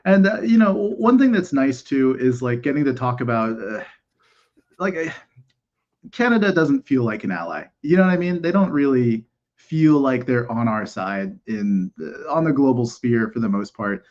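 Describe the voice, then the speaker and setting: A man's voice: mid-range voice, expressive, moderate pace, darkish tone, lo-fi sound. A man in casual political podcast chat, opinionated and ranting, with lots of "like" and swearing.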